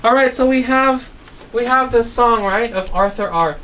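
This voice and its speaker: A woman's voice: fairly high pitch, normal speed, fairly bright tone. A woman teaching an online phonics lesson to children, telling a simple story and constantly asking if they follow. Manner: asks constant check questions. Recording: distant mic, faint background noise.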